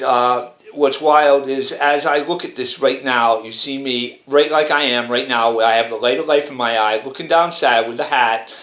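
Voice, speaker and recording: A man with a medium-pitched, fairly bright voice interprets pictures in a vlog, repeating himself and rambling as he points out various details. There is a roomy echo on the audio.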